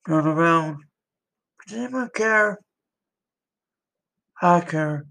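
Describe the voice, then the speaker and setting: A man's voice: fairly high pitch, lively intonation, very slow, vocal fry, sharp tone. A man in an amateur solo role-play as a soldier, talking in loose, rambling, earnest phrases.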